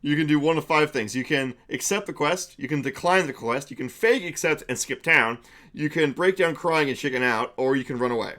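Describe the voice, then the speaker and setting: A man's voice: on the high side, a little fast, sharp tone. A young man narrating a tabletop game for a live-stream chat, chatty with frequent fillers and laughs.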